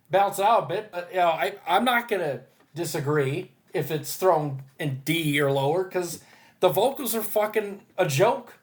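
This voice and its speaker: A man hosting a casual fan discussion, hesitant and rambling, with crude jokes. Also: high voice. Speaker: host of fan ranking discussion. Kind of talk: casual chat.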